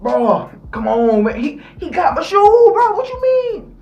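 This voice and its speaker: A man's voice: sing-song, a little slow, echoey room, muffled recording, heavily acted. A man voicing a teenage boy who keeps whining that someone has his shoes. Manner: high, whining complaint. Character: whiny teenage boy upset over his stolen shoes.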